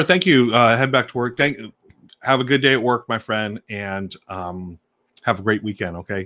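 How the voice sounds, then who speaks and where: A man with a fairly low, slightly bright voice hosts a casual live stream from a home desk, unboxing board games into a desk microphone. He greets viewers and talks loosely and enthusiastically, thinking aloud with fillers and munching snacks between sentences.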